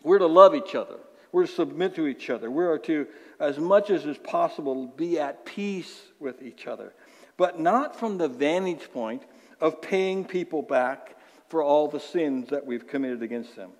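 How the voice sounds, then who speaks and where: A male pastor preaching a sermon, emphatic, repeating words for stress and acting out inner voices. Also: a little high. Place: church sanctuary. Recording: long hall reverb.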